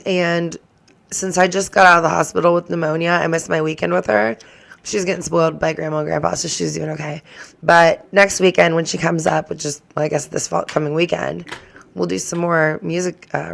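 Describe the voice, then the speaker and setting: A woman's voice: lowish voice, creaky, fairly bright tone. A woman hosting her own reaction channel, chatting casually to the camera in a rambling way that keeps drifting into tangents.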